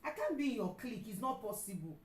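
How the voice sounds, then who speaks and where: A middle-aged Nigerian woman preacher and counselor giving an emphatic sermon. She repeats her key lines and sometimes breaks into loud outbursts. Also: on the high side, expressive, quick pace, roomy sound, rough recording. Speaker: pastor and counselor.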